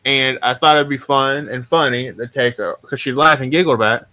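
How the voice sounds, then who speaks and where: A man's voice: mid-range voice, steady tone, brisk, few pauses, pushed and bright. A man hosting a podcast, telling stories in a casual, rambling, self-mocking way and swearing freely. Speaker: podcast host.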